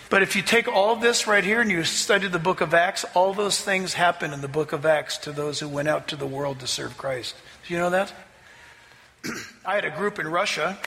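A man preaching a sermon as pastor, telling a story in an animated, emphatic way. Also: high voice, gravelly, big-room sound, slight background noise.

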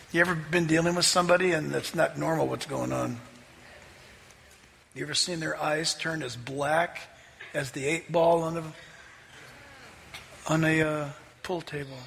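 A man preaching a sermon as pastor, telling a story with animated delivery that rises toward near-shouting at the climaxes. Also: on the high side, measured pace, vocal fry, pauses often, slight background noise. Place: church sanctuary. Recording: hall reverb, faint ambience.

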